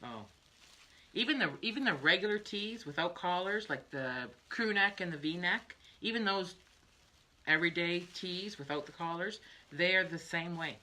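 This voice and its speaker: An older woman rambles through a crafting livestream, her voice low yet bright and forward. She laughs easily and wanders off into little asides. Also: animated, moderate pace. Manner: chatty, laughs often, trails off into asides. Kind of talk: rambling casual chat.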